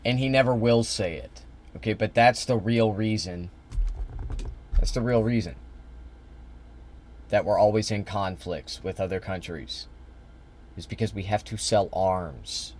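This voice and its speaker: A man's voice: lowish voice, measured pace, pauses often, a little mellow. A man reacting to a video, with blunt and sarcastic commentary. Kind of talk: casual commentary.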